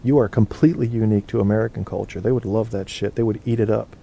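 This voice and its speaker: Male host, casual live chat show, mellow warm tone, rambling and profane. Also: on the low side, steady tone, quick pace, vocal fry. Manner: rambling and profane, thinking aloud. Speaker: internet radio host.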